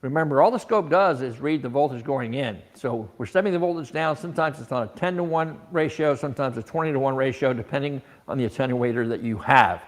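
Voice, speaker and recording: A man's voice: medium pitch, brisk, few pauses. A man teaching an automotive technical seminar, explaining scope patterns with rhetorical questions and frequent restarts.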